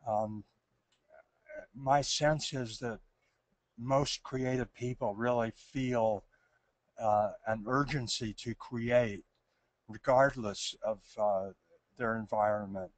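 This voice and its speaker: A man's voice: mid-range voice, fairly even intonation, takes it slowly, long pauses, dry recording. A man presenting on creativity, answering audience questions in a hesitant, thoughtful way with many restarts. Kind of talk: thoughtful Q&A talk.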